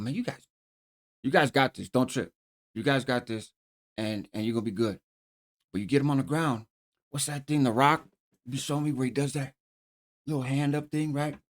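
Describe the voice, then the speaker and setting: A middle-aged man with a mid-pitched, everyday voice tells a story in relaxed street slang. He keeps checking in with the listener, dropping a quick "right?" between his sentences. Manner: streetwise slang, frequent "right?" tag questions. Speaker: host telling a prison story. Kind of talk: casual storytelling.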